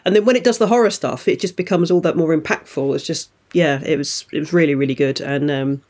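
A man's voice: on the high side, fast, darkish tone. A man chatting enthusiastically as a podcast co-host. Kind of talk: casual chat.

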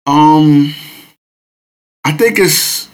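A man's voice: a little high, drawn-out words, smooth, poor audio. A stepfather on a casual podcast panel, speaking hesitantly. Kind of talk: casual chat.

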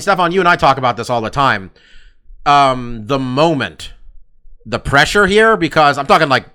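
A man hosting a casual sports podcast, animated and swearing freely as he argues picks. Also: medium pitch. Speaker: podcast host.

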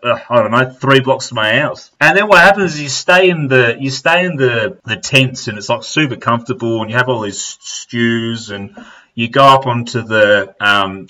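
A man's voice: mid-range voice, pushed and bright, low-quality recording. An Australian man chatting casually, telling stories full of slang, swearing and laughter. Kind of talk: casual chat.

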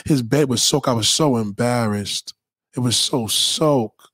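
A man voicing a brash woman who gossips crudely and excitedly to her girlfriend. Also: mid-range voice, a little slow, slightly rough, no echo, studio quality. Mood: gushing.

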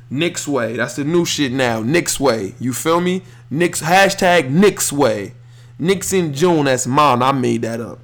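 Blunt, animated male sports podcast host. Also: a little high, a little slow. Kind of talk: casual sports talk.

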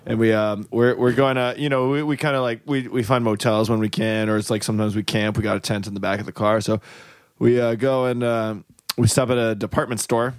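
Male comedy podcast host, mid pitch, dry close sound, rambling improvised storytelling. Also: fairly even intonation, smooth, dry recording. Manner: rambling, halting, full of restarts.

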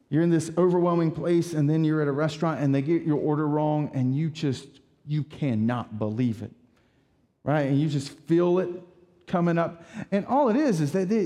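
A man preaching a sermon as pastor, talking in a conversational, animated way with rhetorical asides. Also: fairly high pitch, big-room sound.

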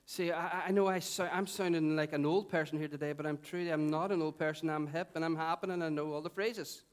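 A middle-aged man preaching a sermon, conversational and animated, putting questions to the congregation. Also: fairly high pitch, quick pace, clear, resonant tone. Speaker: pastor.

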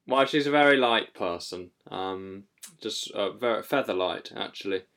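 A man's voice: on the low side, moderate pace, fairly bright tone. A man hosting a comedy chat, hesitant and mock-earnest, with plenty of ums. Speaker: host. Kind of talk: deadpan comic improv chat.

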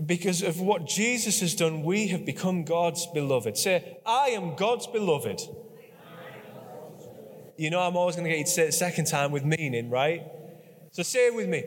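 A man preaching a sermon in an earnest, conversational way, repeating key phrases and prompting the congregation to answer. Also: high-pitched. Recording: long reverb of a large hall.

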